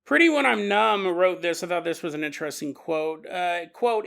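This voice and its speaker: Male podcast host, high bright voice, jokey solo monologue with acted-out asides. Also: moderate pace, gravelly, hardly any pauses. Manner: animated, jokey, acts out quotes in voices. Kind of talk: comedic conspiracy podcast monologue.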